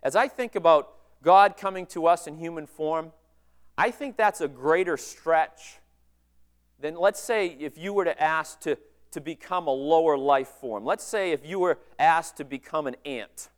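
A man's voice: on the high side, a little slow. A male pastor preaching a sermon in a conversational way, with many rhetorical questions. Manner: conversational, asks rhetorical questions with frequent "right?".

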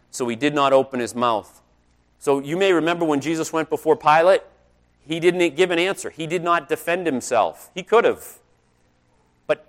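A middle-aged pastor with a medium-pitched voice preaches a conversational sermon, sharing personal stories and growing louder on key points.

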